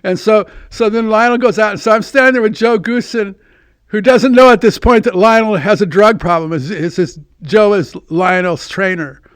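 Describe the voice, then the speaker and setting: A man's voice: sits high, normal speed, clean tone, dry recording, studio quality. A man telling a long story in casual chat, rambling and restarting as he acts out both sides of a conversation.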